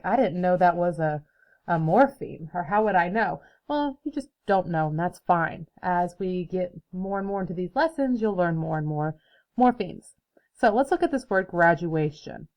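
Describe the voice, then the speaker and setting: A young woman teacher walks children through a recorded phonics lesson, unhurried and patient. Her voice sits a little low, and she breaks each word into syllables with care. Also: poor audio. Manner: patient, explains slowly, claps out syllables.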